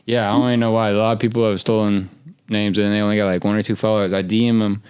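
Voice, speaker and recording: A man's voice: lowish voice, little pitch movement, rapid-fire, darkish tone, smooth. A young man hosting a casual podcast, talking in a loose, slangy, rambling way with lots of restarts. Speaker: podcast host.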